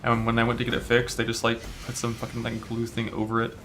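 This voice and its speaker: A man's voice: mid-range voice, completely flat delivery, quick pace, a bit bright, slight background noise. A male game streamer chatting casually and profanely while he plays, rambling with many fillers and annoyed by a broken retainer in his mouth. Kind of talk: casual live-stream chat while playing.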